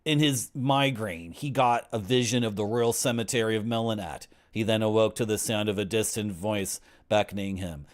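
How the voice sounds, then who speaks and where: A man's voice: on the low side, normal speed, few pauses. A man in his forties who streams games, reading the story text aloud and breaking off for wry, griping asides. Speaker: game streamer.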